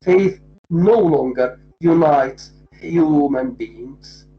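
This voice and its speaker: Lecturer, very slow and methodical, poetry class, dull lo-fi sound. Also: mid-range voice, soft background music. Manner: slow, deliberate, repeats and spells out points. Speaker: literature lecturer. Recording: dull lo-fi recording.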